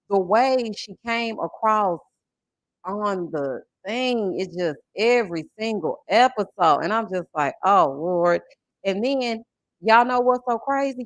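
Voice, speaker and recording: A woman, chatting on a livestream about reality TV and reading viewer messages in a sassy, animated way. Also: mid-range voice, no room sound, studio quality. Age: 40s. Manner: sassy, animated, calls viewers honey and child. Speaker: YouTube reality-TV reviewer. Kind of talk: casual livestream chat reading super chats.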